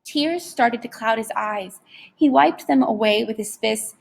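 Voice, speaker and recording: A woman reads an audiobook aloud with steady, expressive storytelling. Her voice sits a touch high and has a breathy, husky texture. The delivery stays even and clear through the narration. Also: a little slow. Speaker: audiobook reader.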